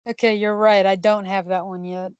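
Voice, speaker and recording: A woman's voice: mid-range voice, flat delivery, a little mellow, clean tone, no echo, lo-fi sound. A woman co-hosting a podcast in casual chat who laughs often and jumps in readily. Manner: laughs often, quick to jump in. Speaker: podcast co-host. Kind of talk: casual chat about games.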